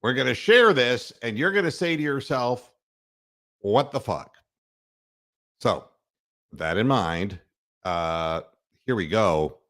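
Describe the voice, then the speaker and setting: Slow, animated, cursing podcast host. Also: male voice, mid-range voice. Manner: grumbling, sarcastic, swears freely. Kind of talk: profane rant.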